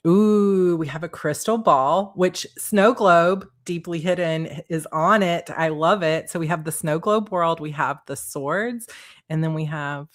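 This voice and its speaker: A woman's voice: low voice, a little slow. A woman author hosting a casual livestream, bubbly and giggly, reading viewer comments aloud.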